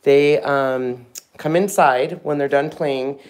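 A man hosting a casual live stream at home, talking fondly to puppies with soft baby talk. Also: mid-range voice, steady tone, slow. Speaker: host of a live puppy stream.

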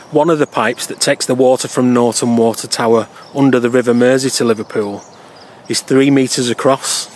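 A man's voice: medium pitch, slight background noise. Chatty man vlogging outdoors. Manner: jokey, conversational, wry asides. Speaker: cycling vlogger. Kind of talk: chatty local-history vlog.

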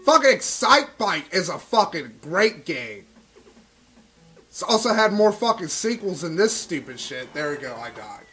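A young man rambles through profane let's-play commentary, cursing constantly as he rants. He sounds stoned, with a bright, slightly high voice that swings widely in pitch. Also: big pitch swings, a little slow, faint music behind, rough recording. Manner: swears constantly, rambling and ranting. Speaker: gaming video host.

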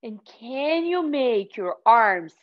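A woman's voice: fairly high pitch, big pitch swings, slow pace, lo-fi sound. A young woman teaching a children's yoga class in a playful, sing-song way, calling out poses and animal sounds.

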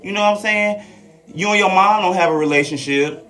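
A woman's voice: mid-range voice, fairly quick, fairly bright tone. A transgender woman chatting frankly and profanely with viewers on a live stream. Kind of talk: casual live-stream chat. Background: faint classical Christmas music.

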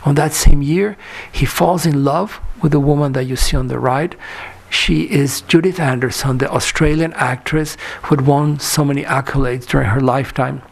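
A man with a fairly high, steady voice and some vocal fry speaks at a moderate pace in a lecture hall. Giving a conference talk, he tells anecdotes about a photographer's life, using lots of fillers and quoting characters' dialogue.

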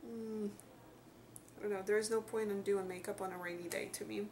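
A woman's voice: medium pitch, fairly even intonation, brisk. A young woman with a Russian accent, rambling casually with many fillers as she vlogs around a city on a handheld camera. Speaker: vlogger. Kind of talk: casual travel vlog narration. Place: around a city, indoors and outdoors. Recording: loud street and traffic noise.

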